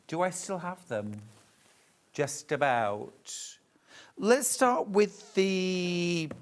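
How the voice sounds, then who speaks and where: A shopping channel presenter, chatting and gushing over fabrics during a live TV sale. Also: medium pitch.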